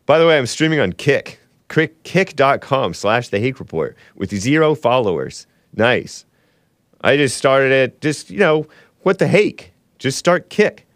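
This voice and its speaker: A man's voice: mid-range voice, very animated, a little slow, no room sound. Guy hosting his own stream, kinda under the weather, rambly and snarky, dry close sound. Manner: rambling, sarcastic, with asides. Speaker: talk show host. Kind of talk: solo political commentary stream.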